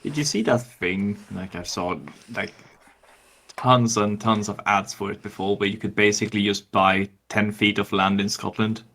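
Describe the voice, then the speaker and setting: A man's voice: fairly low pitch, steady tone, normal speed, fairly bright tone. A man from Sweden chatting casually with fellow players on a call, given to dry, joking asides. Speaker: tabletop game player. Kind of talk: casual chat.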